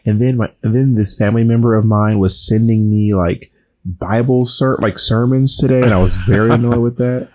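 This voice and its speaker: Teasing man talking softly after voice rest. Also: on the low side, fairly even intonation. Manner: teasing, quick back-and-forth, restarts. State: recovering voice, talking softer than usual. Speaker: podcast co-host. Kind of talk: casual chat.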